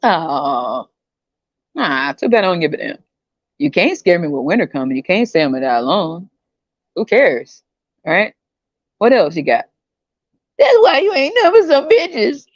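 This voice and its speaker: Animated, laughing woman podcast host. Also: low voice, normal speed, pauses often, dry recording, highs cut off. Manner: animated, laughs often, slangy. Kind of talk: casual comedic rant.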